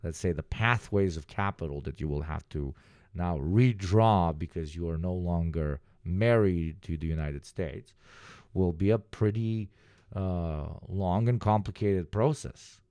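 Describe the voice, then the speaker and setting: Dry low-voiced sardonic male streamer. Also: measured pace, a little mellow, smooth, dry recording. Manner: sardonic, mocking, bursts into high mock voices. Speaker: streamer commentator. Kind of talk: casual political commentary.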